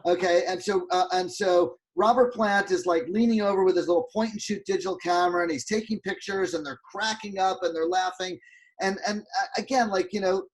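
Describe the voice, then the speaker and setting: A man, a guest photographer, telling a rambling story with fillers and restarts on a video call. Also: high voice. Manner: animated, lots of restarts and fillers.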